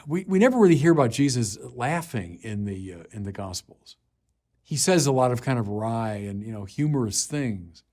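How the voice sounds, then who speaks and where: A middle-aged man preaching a sermon, slow and deliberate, building to emphatic declarations. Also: medium pitch, darkish tone.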